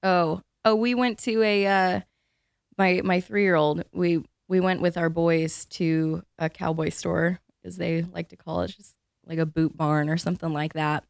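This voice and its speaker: A woman in her thirties chatting casually as a co-host, a lively storyteller who laughs between her sentences. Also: on the low side, measured pace, gravelly, no room sound, studio quality. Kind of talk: casual chat.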